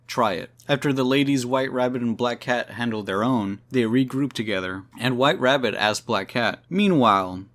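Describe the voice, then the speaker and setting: A man's voice: mid-range voice, normal speed, hardly any pauses, fairly bright tone. A man reviewing a comic book in a casual, slangy way, swearing now and then.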